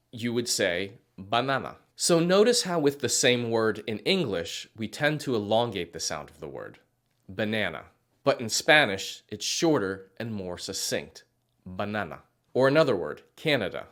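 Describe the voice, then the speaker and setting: Male language teacher, lowish voice with a lively, animated lilt, measured instructional read. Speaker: Spanish teacher for healthcare workers. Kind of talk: scripted instructional narration.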